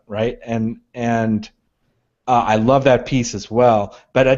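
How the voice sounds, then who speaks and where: A man's voice: mid-range voice, a little mellow. A man co-hosting a podcast, chatting casually about a movie in a thoughtful, story-minded way with many restarts. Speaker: podcast co-host. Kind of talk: casual movie review chat. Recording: dull lo-fi podcast audio.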